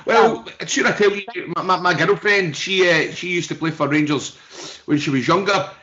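Bright-voiced joking Glaswegian man. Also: high-pitched, unhurried. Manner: joking, rambling. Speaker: podcast co-host. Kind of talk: casual podcast banter. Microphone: home call over video chat. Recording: dull lo-fi internet call audio.

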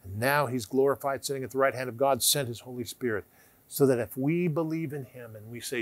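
A man giving emphatic televised Bible teaching, asking rhetorical questions and sometimes dropping to a hushed tone. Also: medium pitch, brisk, no room sound.

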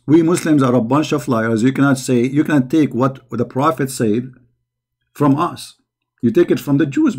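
A man's voice: mid-range voice, a little mellow. A man hosting a reaction commentary, talking back to a played video in a mocking, sarcastic way. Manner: sarcastic, mocking, repeats words heatedly.

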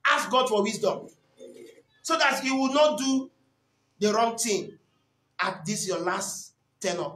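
Man preaching loud, bright high voice, repeats himself a lot. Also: measured pace. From Nigeria. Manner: impassioned, often shouting and repeating lines. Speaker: pastor. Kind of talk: sermon. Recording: echoey hall.

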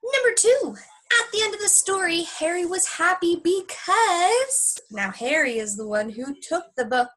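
Young woman teacher at home, high and animated, reading to kids. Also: unhurried, rough recording. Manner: chatty, lively storytelling. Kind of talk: recorded lesson reading aloud to young kids.

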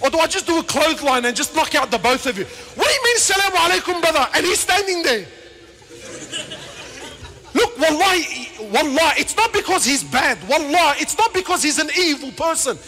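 A man preaches with fierce passion, his voice riding high and leaping across a wide pitch range. He swings from ringing shouts down to quiet, hushed asides. A long hall reverb trails behind every line. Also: animated, normal speed. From Lebanon. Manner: peppers speech with Arabic words and casual slang. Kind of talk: passionate sermon.

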